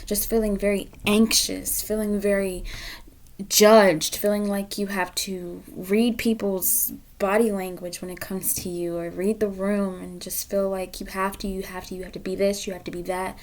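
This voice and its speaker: A woman giving a pick-a-card tarot reading to camera. She is blunt and profane, repeats phrases for emphasis, and swings between loud emphasis and hushed asides. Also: medium pitch, flat delivery, unhurried. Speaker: tarot reader.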